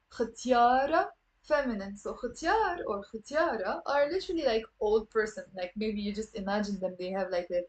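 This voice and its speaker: A woman with a Lebanese accent teaching a live online Arabic class, lively and encouraging, saying words slowly for her students to repeat. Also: fairly high pitch, rough recording. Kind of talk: live online language lesson.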